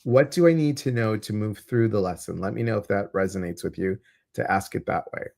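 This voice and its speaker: Greeting his livestream viewers and reading their comments, this intuitive coach chats casually in a gravelly, lowish voice at a slightly fast pace. He's warm and chatty and talks directly to the people watching.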